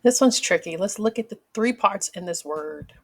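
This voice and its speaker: A woman teaching a children's phonics lesson, speaking slowly and splitting words clearly into syllables. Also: medium pitch, animated. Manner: slow, clearly segmented words for kids.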